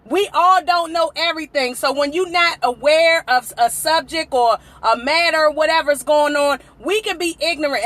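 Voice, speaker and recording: A woman's voice: high voice, fairly bright tone. A woman hosting a casual livestream from her parked car outdoors, chatty, greeting viewers by name and laughing often. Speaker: livestream host.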